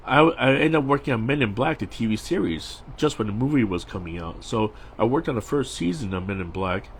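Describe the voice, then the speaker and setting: A man's voice: medium pitch, expressive, fairly quick, a little hiss or hum. A middle-aged man, a storyboard artist, chatting casually and rambling while he draws on a live stream, with frequent restarts and laughs.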